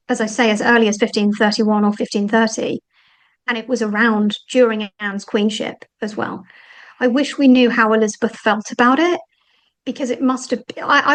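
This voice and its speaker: A woman talking as the guest author in an interview, animated and thinking aloud with frequent fillers. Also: on the high side, rough recording. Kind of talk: conversational interview.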